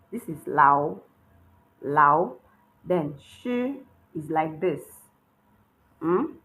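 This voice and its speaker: A woman giving a step-by-step writing lesson as a language teacher. She talks patiently and repeats herself, checks in often with a questioning "hmm?", and sounds words out slowly. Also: lowish voice, a little mellow, low-quality recording. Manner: models pronunciation slowly.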